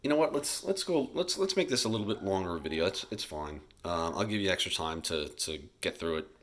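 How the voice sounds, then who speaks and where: A male teacher giving a casual recorded history lecture over slides, chatty and loose, talking straight to his students and acting out leaders in quick bits. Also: sits low, lively intonation, a bit bright. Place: home, recording alone during school shutdown.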